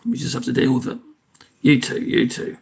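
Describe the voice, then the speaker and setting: A man's voice: medium pitch, big pitch swings, normal speed, vocal fry. A man, hosting a casual live stream, chatting in a rambling way and thanking his viewers. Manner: rambling, chatty, self-interrupting; thanks viewers and signs off cheerily. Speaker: livestream host.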